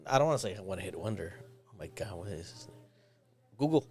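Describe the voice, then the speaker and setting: A man's voice: deep voice, expressive, fast, darkish tone, faint music behind. A man co-hosting a casual talk show, joking and a bit scattered. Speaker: podcast co-host. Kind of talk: casual chat.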